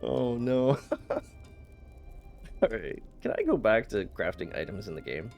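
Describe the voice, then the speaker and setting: A man's voice: on the low side, big pitch swings, measured pace, gravelly, a little mellow, faint music behind. A man streaming a game, chatting casually with his chat, playful and teasing, often laughing and stammering. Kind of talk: casual live-stream chat while gaming.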